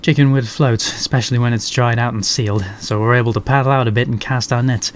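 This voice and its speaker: A man voicing a shy, gentle male albino rat who mends nets. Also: mid-range voice, steady tone, fast talker, slight background noise, natural voice.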